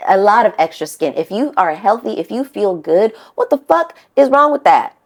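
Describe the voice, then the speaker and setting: A woman co-hosting a podcast in casual chat, blunt and animated, swearing freely. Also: medium pitch, moderate pace. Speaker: podcast co-host.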